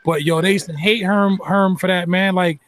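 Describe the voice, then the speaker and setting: Animated high-voiced man ranting casually. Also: normal speed. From New York area. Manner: animated, emphatic, swears freely. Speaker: podcast panel host. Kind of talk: casual sports chat.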